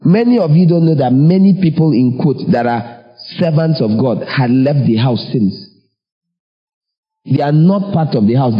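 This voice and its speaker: A man preaches a sermon, fairly high-pitched and emphatic. He keeps putting rhetorical questions to his congregation. The recording sounds dull and lo-fi. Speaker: pastor.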